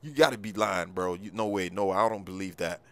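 A man's voice: low voice, fairly quick, dry recording. A gaming YouTuber, a man chatting in a jumpy, panicky way full of "yo" while role-playing through gameplay. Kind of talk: excited role-play gameplay chat.

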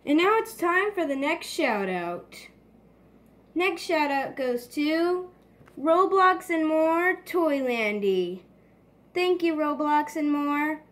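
Speaking slowly in a high, expressive voice, a woman presents a homemade toy pet award show. She announces every category in a casual, hesitant way, pausing to clear her throat.

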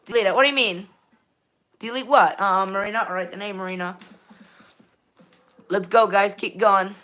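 A woman streaming live gameplay who rambles, reads viewer chat aloud and greets viewers, with sudden excited bursts and a habit of repeating "all right then". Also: mid-range voice, normal speed. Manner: sudden excited bursts when directing players. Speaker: game streamer.

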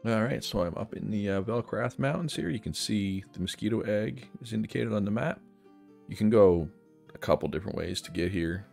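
A man's voice: on the low side, animated, fairly quick, vocal fry, a little mellow, soft background music. A man casually walking through a video game guide, chatty and thinking aloud as he plays. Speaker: gaming guide host. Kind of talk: casual game walkthrough narration.

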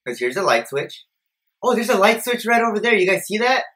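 A man's voice: high-pitched, big pitch swings, fairly quick. Jumpy, swearing young man gaming. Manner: jumpy, profane, swings from mutters to shouted panic. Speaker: gameplay streamer. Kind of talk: horror game commentary.

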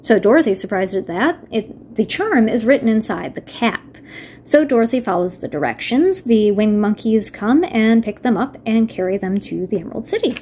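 A woman's voice: on the high side, animated, moderate pace, darkish tone, slight background noise. A woman casually retelling a book, reading passages aloud and adding wry asides. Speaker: video reviewer. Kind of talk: casual book-summary narration.

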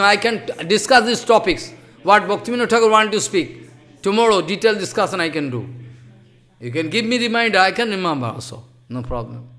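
A man giving an impassioned devotional sermon in English, scolding loudly one moment and dropping to hushed asides the next. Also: sits high. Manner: impassioned, scolding, swings between loud outbursts and hushed asides; non-native English with broken grammar. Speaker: spiritual teacher.

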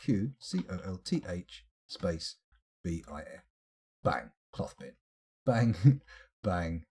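British male streamer, dry, sarcastic, lively pitch, husky and mellow. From United Kingdom. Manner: dry, sardonic asides, drawn-out reading. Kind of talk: live game playthrough, reading in-game text.

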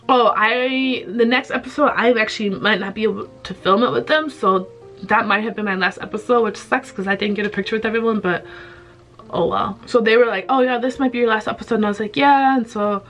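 Chatty woman vlogger, bright high voice. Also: a little fast, soft background music. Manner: chatty, animated, laughs often. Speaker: YouTuber vlogger. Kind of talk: casual storytelling to camera.

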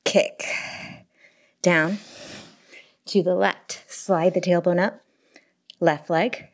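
A woman's voice: lowish voice, fairly even intonation, very slow. Encouraging woman cueing a workout. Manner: upbeat, encouraging, counts reps aloud. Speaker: pilates and barre instructor. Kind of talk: cueing a home workout class. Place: home workout space. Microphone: lapel mic pack.

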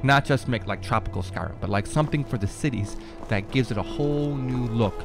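A man giving casual, excitable gameplay commentary, rambling with fillers and cursing as he talks to the screen. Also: medium pitch, a little fast, gravelly, over music, rough recording. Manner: rambling with many fillers and repeats. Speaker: gamer showing off a modded game.

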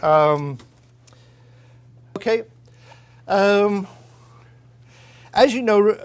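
A man lectures to a university audience in a fairly high voice. His tone is wry and conversational, and he pauses now and then to find his words. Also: clean tone. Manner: wry, conversational, with frequent hesitations. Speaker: guest lecturer. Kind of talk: academic lecture with humor.

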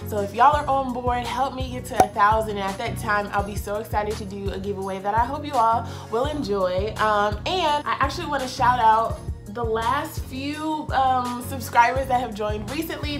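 A young woman talking casually and openly to her viewers in a faith vlog, chatty and confiding. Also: a little high. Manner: chatty, warm-hearted, confiding, heartfelt. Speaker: vlogger. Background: soft background music.

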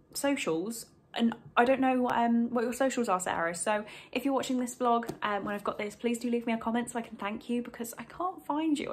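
A woman's voice: fairly high pitch, slightly rough. A young woman talking casually to camera from home about books, in a rambling, apologetic way. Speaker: book vlogger. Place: home, indoors.

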